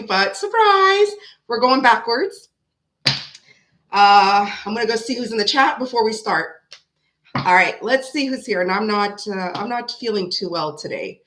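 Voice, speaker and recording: A woman's voice: fairly high pitch, fairly bright tone. A woman hosting a tarot live stream, chatting casually and greeting viewers one by one by name.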